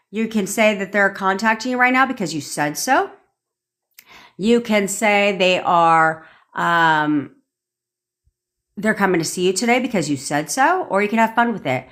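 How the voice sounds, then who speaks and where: A woman's voice: medium pitch, a bit bright. A woman manifestation coach on a livestream, talking in a blunt, profane, commanding way.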